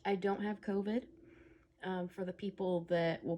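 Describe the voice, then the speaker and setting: A woman's voice: mid-range voice, little pitch movement, normal speed, dark tone, dull audio, a little hiss or hum. A woman giving casual, rambling gameplay commentary as a let's play host, humming to herself between remarks. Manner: rambling, chatty, hums to herself.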